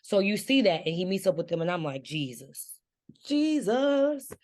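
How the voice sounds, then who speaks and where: A woman's voice: lowish voice, fast talker, a little mellow. A woman co-hosting a casual book discussion, reacting expressively and acting out the characters' lines. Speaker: book review co-host.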